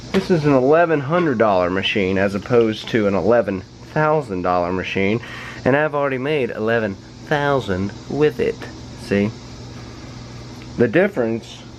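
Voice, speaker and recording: A man's voice: medium pitch, slight background noise, poor audio. A man casually explaining pressure washer maintenance and equipment in a playful, joking vlog. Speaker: pressure washing business owner.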